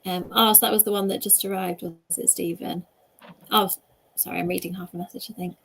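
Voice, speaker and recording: A woman hosts a relaxed video-call chat and rambles on chattily. Her voice has a gravelly edge, and there is a faint hiss underneath it. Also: lowish voice, a little fast. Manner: chatty and rambling, with frequent laughs. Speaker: host, author.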